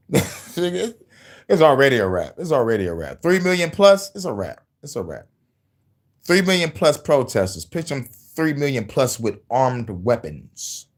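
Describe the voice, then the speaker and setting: A man's voice: mid-range voice, normal speed. A man hosting, ranting in a profane, casual commentary style, often laughing as he talks. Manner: animated, laughing, cursing. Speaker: host.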